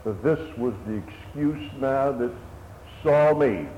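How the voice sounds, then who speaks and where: A man's voice: mid-range voice, slow pace, dark tone. A man preaching a sermon in an earnest, old-fashioned manner, his voice swelling and dropping. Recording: echoey hall, dull lo-fi sound, faint hiss.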